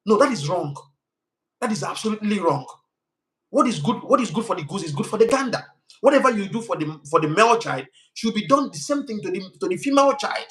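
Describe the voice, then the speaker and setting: Nigerian accent, young man, fairly high voice, passionate livestream commentary, stammering restarts, heated. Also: lively intonation, quick pace, a bit bright, poor audio. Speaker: live stream host. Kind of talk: live stream commentary.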